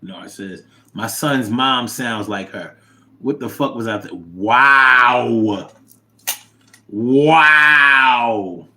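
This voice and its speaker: A man hosting a casual livestream, reading viewer comments aloud and reacting with animated, chat. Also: a little slow. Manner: animated, drops to low mumble reading comments.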